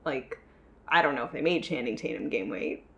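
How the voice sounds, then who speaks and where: A woman's voice: a bass voice, animated, brisk, gravelly, fairly bright tone, highs cut off. A woman from the northern United States co-hosting a podcast, talking frankly about a movie with many fillers and restarts. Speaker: podcast co-host. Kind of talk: casual film discussion.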